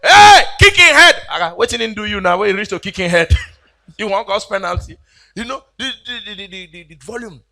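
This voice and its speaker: A Nigerian man doing animated stand-up comedy on a church event stage, mixing in Pidgin and mimicking people. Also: sits high.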